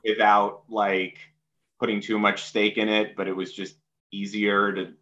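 A low-voiced man chats as a podcast guest, stopping and restarting with many ums and uhs. His audio sounds a little dull, like a remote line. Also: little pitch movement, measured pace, sharp tone, a little hiss or hum. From New York City. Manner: hesitant, lots of fillers and restarts. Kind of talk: casual conversation.

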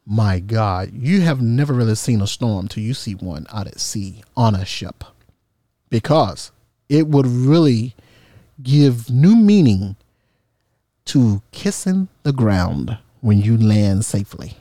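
A man's voice: fairly low pitch, takes it slowly, no room sound, clean studio sound. A man casually telling a personal story with humor, acting out the voices of people in it. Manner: animated, humorous, acts out quoted voices.

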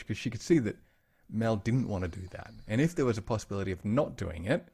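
A lowish, fast male voice with vocal fry and a breathy edge belongs to a podcast co-host. Chatting casually, he spins family stories in a lively way and performs the voices of those he quotes.

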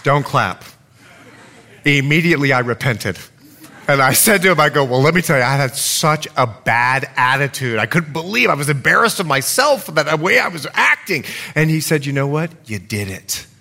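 A man's voice: a little high, normal speed, gravelly. A middle-aged man preaching a sermon as pastor, telling stories with acted-out quotes. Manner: storytelling with lively acted quotes.

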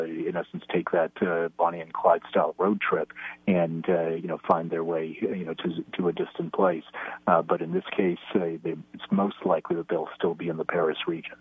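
A man's voice: deep voice, husky, no echo. A man giving analysis as an interview guest, talking hesitantly with lots of fillers and restarts. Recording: tinny phone line.

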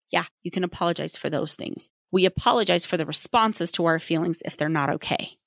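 A mother giving parenting advice in a candid monologue, brisk and emphatic with a wry, plainspoken humor. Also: mid-range voice, no room sound. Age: adult with children.

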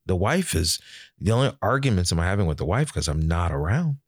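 A man co-hosting a casual podcast chat, talking bluntly with swearing and loud emphatic peaks. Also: low voice, sing-song, brisk, slightly rough, no echo, studio quality. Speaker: podcast co-host.

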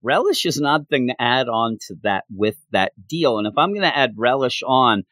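A man's voice: mid-range voice, animated, normal speed, fairly bright tone, no room sound. A man casually reviewing a comic issue, chatty and full of opinionated asides.

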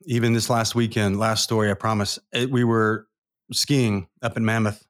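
A man's voice: lowish voice, little pitch movement, moderate pace. A man in his forties, a guest coach on an interview show, telling personal stories in an earnest, emotional, rambling way. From Southern California. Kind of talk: candid interview storytelling.

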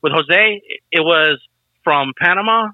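A man co-hosting a podcast in casual chat, teasing with quick banter. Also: on the high side, dry recording, narrow, tinny audio. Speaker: podcast co-host.

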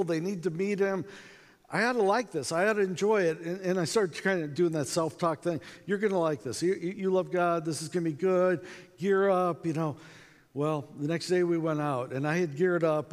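An American man giving a conference talk, telling a personal story in a conversational way and acting out the voices in it. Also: fairly high pitch. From United States. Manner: conversational, acts out quotes, many fillers. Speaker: conference speaker. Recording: echoey hall with long reverb.

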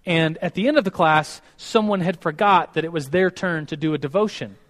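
Earnest male teacher, devotional talk and prayer, slightly high voice, reverberant room. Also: brisk, a bit bright. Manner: earnest, storytelling, many restarts.

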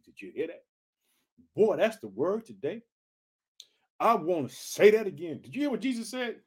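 A man with a high-set voice delivers a fired-up sermon. He keeps circling back to his catchphrases and calls his listeners family as he pushes them to stay encouraged. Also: animated, moderate pace, a little mellow, breathy edge. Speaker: preacher. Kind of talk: energetic sermon.

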